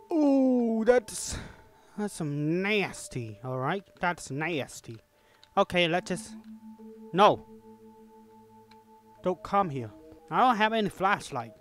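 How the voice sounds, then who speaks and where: On his own channel, a young gaming YouTuber with a high, slightly bright voice plays a horror game. He talks to the characters and is jumpy, yelping and screaming whenever something startles him.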